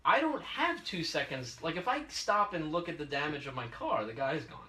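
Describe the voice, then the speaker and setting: A man telling a story in casual podcast chat, animated and acting out the people in it. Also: fairly high pitch, moderate pace, far from the mic. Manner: animated, acts out quoted voices. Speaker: podcast host. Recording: echoey room, away from the mic.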